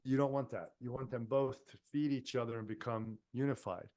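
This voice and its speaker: A male healing teacher tells stories in a loose, conversational way, filling pauses with small fillers. His voice sits at an ordinary middle pitch. The sound is dry and close, recorded for an online lecture. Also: fairly even intonation, warm tone, no echo. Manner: conversational, anecdotal, frequent fillers. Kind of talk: storytelling lecture. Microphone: online lecture microphone.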